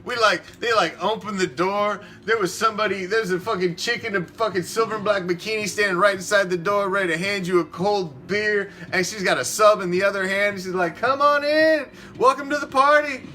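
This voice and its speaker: A man's voice: high voice, fairly even intonation, fairly quick, few pauses, sharp tone, slight background noise. A man hosting a fan sports show, ranting emphatically and swearing a lot. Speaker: fan podcast host. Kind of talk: opinionated sports talk rant.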